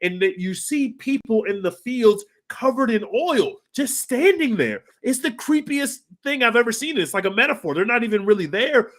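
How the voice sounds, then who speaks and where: A podcast co-host in casual film review chat, talking excitedly and swearing freely as he gushes. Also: very high voice, moderate pace, hardly any pauses.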